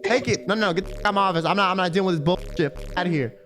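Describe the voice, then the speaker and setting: A woman's voice: lowish voice, racing, fairly bright tone. Brash swearing streamer woman. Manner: brash, mock-outraged, swears a lot. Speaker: streamer hosting a mock therapy segment. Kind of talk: casual joking chat.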